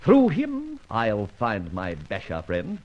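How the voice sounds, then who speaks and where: An actor playing a suave, proud gentleman thief, theatrical and wry, quick to indignation, in a 1940s-style radio drama. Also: on the low side, wildly swooping pitch, heavily acted. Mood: scheming. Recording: dull old radio recording.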